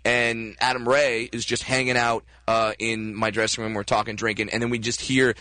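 A man, a comedian guest in a radio studio, telling stories excitedly in casual chat and laughing often. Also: medium pitch, moderate pace, no room sound.

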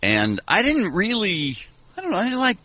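A man's voice: sits high, wildly swooping pitch, moderate pace, sharp tone, no echo. A man telling long, wry, rambling stories in a casual radio chat from a studio. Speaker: radio show regular.

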